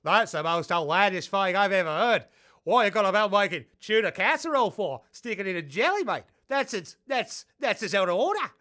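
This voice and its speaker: An indignant bloke scoffs and grumbles, as a man puts him on. His voice is bright and lively. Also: high-pitched, fairly quick. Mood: scoffing.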